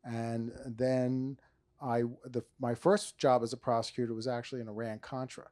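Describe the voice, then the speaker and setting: A man's voice: medium pitch, steady tone, moderate pace, darkish tone. A middle-aged man from New Jersey, an author and former prosecutor, talking in a stage interview with many restarts and dry humor.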